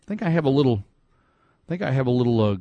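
A man's voice: medium pitch, animated, racing, dry recording, highs cut off. A man hosting a sports podcast, casually chatting and reading out listener emails in an upbeat way. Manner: chatty and upbeat, often laughing at messages. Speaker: podcast host.

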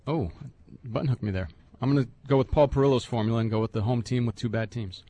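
A man's voice: medium pitch, fast talker, warm tone, dry recording. A man co-hosting a sports radio show, giving his picks in a plain, understated way. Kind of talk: casual sports talk, making picks.

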